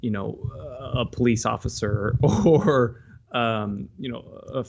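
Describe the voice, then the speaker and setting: Male co-host, lively and quippy, mid-range voice, slightly muffled recording. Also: medium pitch, takes it slowly, gravelly, slightly rough. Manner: animated, jumps in with quips. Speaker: podcast co-host. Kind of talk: casual chat.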